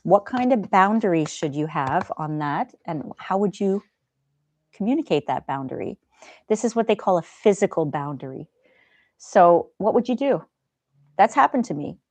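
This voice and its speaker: A woman hosting a livestream in a gentle, chatty way, reading viewer comments aloud. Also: lowish voice, expressive, moderate pace, no room sound. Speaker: livestream host. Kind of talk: casual chat.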